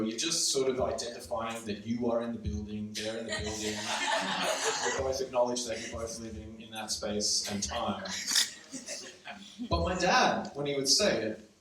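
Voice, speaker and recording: A man's voice: medium pitch, fairly bright tone. A young man from Serbia, raised in Australia, telling a wry, conversational story to a live audience with frequent ums. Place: event room before a live audience. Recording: very echoey room from far off, faint noise.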